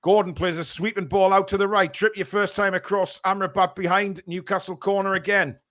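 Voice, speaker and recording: A man hosting a live fan watchalong, calling the match play by play and reading viewer messages, partisan and quick to outrage. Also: sits high. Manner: excitable, shouts at big chances and bad calls; indignant, partisan.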